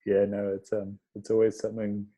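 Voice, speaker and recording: A man's voice: on the low side, completely flat delivery, brisk, mellow. A man hosting a podcast interview, easygoing and brief in his replies. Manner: brief, easygoing, says "mate". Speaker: podcast host. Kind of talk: casual interview chat.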